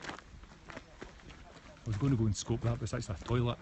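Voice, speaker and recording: A Scottish man with a West of Scotland accent walks a forest path outdoors, holding his phone to live-stream in a steady, medium-pitched voice at a moderate pace. He chats casually in reply to comments, restarting frequently, with clear background noise.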